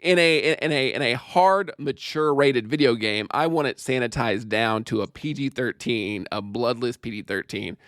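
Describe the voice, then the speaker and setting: A man hosting a podcast in casual, joking chat, animated and quick with asides, laughing often. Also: medium pitch, dry recording, clean studio sound. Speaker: podcast host.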